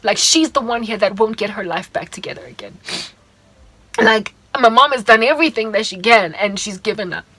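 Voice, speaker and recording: A woman's voice: medium pitch, expressive, moderate pace, fairly bright tone, slightly rough, low-quality recording. A young South African woman with a South African accent, earnestly sharing a hurt, confiding personal testimony in a vlog. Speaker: vlogger.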